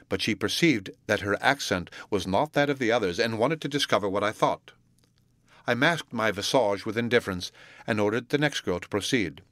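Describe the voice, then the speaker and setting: Measured low-voiced male narrator. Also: fairly bright tone, no echo. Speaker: audiobook reader. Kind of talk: scripted narration of a classic novel.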